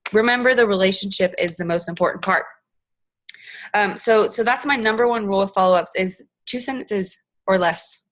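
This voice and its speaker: A woman's voice: mid-range voice, a bit bright. A young woman giving a chatty, upbeat coaching talk on a team call, acting out example messages. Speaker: direct-sales team leader.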